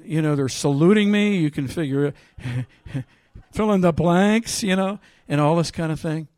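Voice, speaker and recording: A preacher with a somewhat high voice delivers a sermon at normal speed, recorded close and dry with almost no room sound or echo. He is animated, reading scripture loudly and emphatically, then dropping into a quiet, conversational tone to tell a story from his own ministry.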